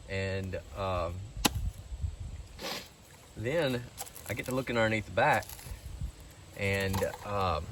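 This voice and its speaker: A man's voice: lowish voice, slow pace, pauses often, fairly bright tone, a little hiss or hum. A man telling a long, aggrieved story about a car repair in a rambling, casual way.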